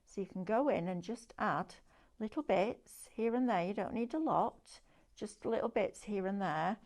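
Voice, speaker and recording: A woman hosts a live craft shopping show, talking viewers through each product with chatty, eager sales patter. Her voice has a gravelly, fry-tinged edge and sits at an ordinary middle pitch. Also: a little mellow.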